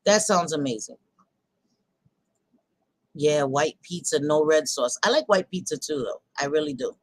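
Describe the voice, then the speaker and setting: A woman's voice: deep voice, animated, measured pace, no echo, low-quality recording. A woman hosting a casual live chat with her viewers, talking bluntly and laughing often, with some swearing. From New York. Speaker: livestream host chatting with viewers.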